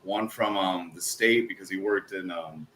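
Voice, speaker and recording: Lowish dude telling work stories over a call, jokey, swears a lot, light noise. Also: male voice. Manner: joking, swearing, quick laughter. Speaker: podcast co-host. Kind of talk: casual chat.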